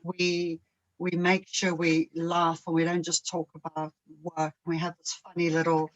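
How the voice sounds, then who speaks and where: A woman talking casually as a guest, chatty and quick to laugh. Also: on the low side, completely flat delivery, dull audio. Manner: chatty, laughs often, mimics others. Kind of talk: casual conversation.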